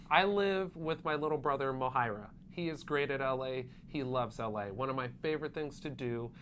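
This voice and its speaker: Young woman co-host, low voice, teasing banter, laughs a lot. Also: normal speed, fairly bright tone, a little hiss or hum. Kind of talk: casual comedic chat.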